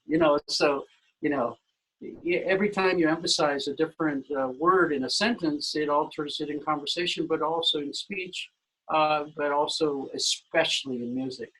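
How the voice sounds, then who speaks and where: A man's voice: a little high, moderate pace, sharp tone, breathy edge, rough recording. A man speaking as a guest expert on a video call webinar, explaining songwriting in a loose way with lots of "you know" fillers. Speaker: musical director, guest expert.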